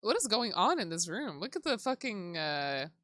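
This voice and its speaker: A woman's voice: medium pitch, sing-song, normal speed, a bit bright, no echo, clean studio sound. A woman streamer chatting casually while playing, laughing often and swearing freely. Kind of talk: casual game-stream chat. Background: background music.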